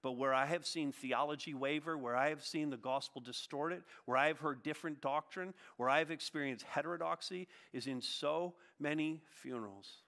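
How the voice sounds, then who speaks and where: A man preaching a sermon as a pastor, emphatic and earnest, moving between raised declarations and quieter passages. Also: on the high side, moderate pace, hardly any pauses. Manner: emphatic preaching, swinging from loud to hushed.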